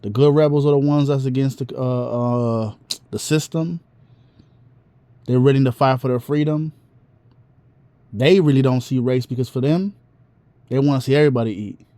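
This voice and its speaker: A man voicing a blunt, street-wise older Southern man with a slow, plainspoken drawl. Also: medium pitch, fairly even intonation, mellow, dry recording, close to an everyday voice.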